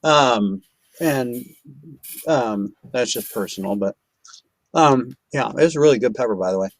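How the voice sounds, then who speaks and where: A man's voice: mid-range voice, expressive, a little slow, dry recording. A man hosting a casual online chat show, rambling with many restarts and eating while he talks. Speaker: show host.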